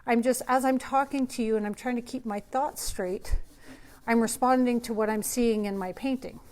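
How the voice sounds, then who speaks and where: Woman, painter, live studio demo, chatty, thinking aloud, a bit high-pitched. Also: fairly even intonation, moderate pace, a little mellow.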